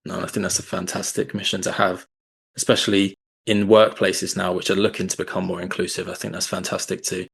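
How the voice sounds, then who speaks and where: A man hosting a podcast interview, asking questions and summing up in a measured, appreciative way. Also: low-pitched, monotone, vocal fry, slightly rough. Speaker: podcast host.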